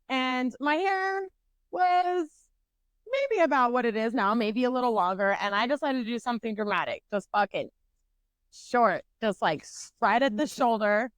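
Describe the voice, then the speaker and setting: High-voiced, foul-mouthed woman storyteller. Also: moderate pace, dry recording. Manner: blunt, swears constantly, animated. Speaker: podcast co-host. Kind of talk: casual podcast storytelling.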